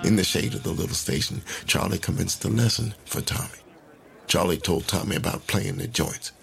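A man narrating a story in an unhurried, folksy way. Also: sits low, gravelly.

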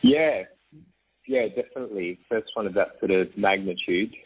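Aussie guy rambling thru his story, lots of restarts, low voice, dry tinny phone sound. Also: normal speed, husky, no room sound. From Australia. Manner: rambling with frequent restarts and soft laughs. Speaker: interview guest. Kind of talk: casual conversational storytelling.

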